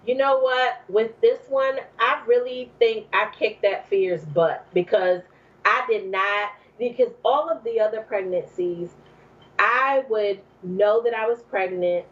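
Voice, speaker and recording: Brief: woman guest, from New Jersey, lively storyteller full of "um" and "like", slightly muffled recording. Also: fairly high pitch, unhurried. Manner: animated, acts out quoted speech, many fillers. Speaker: podcast guest. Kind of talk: personal storytelling.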